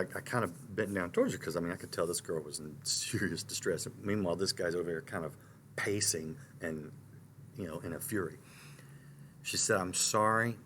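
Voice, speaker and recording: Middle-aged male talk host, tells stories animatedly, slightly low voice. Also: slight background noise. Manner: animated storyteller, frequent restarts and asides. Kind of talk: storytelling on a live talk show.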